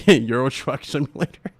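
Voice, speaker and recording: A man hosting a gaming livestream, ranting and laughing in animated, profane casual chat. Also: medium pitch, a little slow, slightly rough, no room sound.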